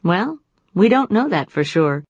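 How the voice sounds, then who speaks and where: A woman's voice: lowish voice, sing-song, unhurried, husky, dry recording, dull audio. A woman teaching a grammar lesson in a patient, explanatory way. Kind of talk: scripted grammar lesson narration.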